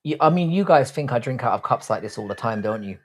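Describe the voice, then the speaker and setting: A young man hosts a casual live stream, bantering and answering chat in a cocky, crude way. His voice sits at an ordinary middle pitch, and he talks loosely, with a swaggering, teasing edge. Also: animated, fast talker. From Britain. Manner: crude, cocky banter, calls himself "your boy". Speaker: livestream host. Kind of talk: casual live chat reading out viewer comments.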